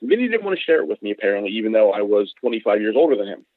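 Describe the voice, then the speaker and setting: A man's voice: fairly low pitch, racing, no room sound. Man telling stories over a tinny phone line. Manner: rambling, animated, acts out other people in quotes. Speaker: podcast guest. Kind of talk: casual storytelling chat.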